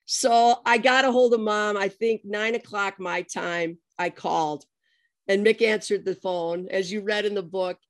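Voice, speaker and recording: Casting note: middle-aged woman guest, vivid storyteller, dry close sound, lively delivery. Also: mid-range voice, a little slow, no room sound. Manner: lively, animated retelling with acted-out quotes. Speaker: guest, adoptee telling her story. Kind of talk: personal storytelling in conversation.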